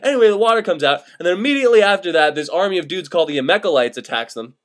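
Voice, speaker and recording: A man's voice: sits high, animated, racing. A young man retelling an old myth as profane comedy, sarcastic and exasperated, swearing freely. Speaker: comedic storyteller.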